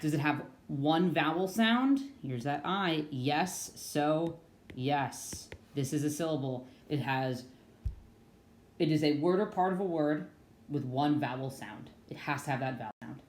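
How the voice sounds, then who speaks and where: Upbeat young woman teacher for a kids' online reading lesson; lower voice, roomy echo. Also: a little slow, a little mellow, slight background noise. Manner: upbeat and playful, sings phrases.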